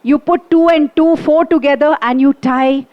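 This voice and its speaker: Lady storyteller, high voice, goes vroom and asks the kids questions. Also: fairly even intonation, normal speed, muffled recording. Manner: playful, makes sound effects and asks the listeners questions. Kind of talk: interactive storytelling for children.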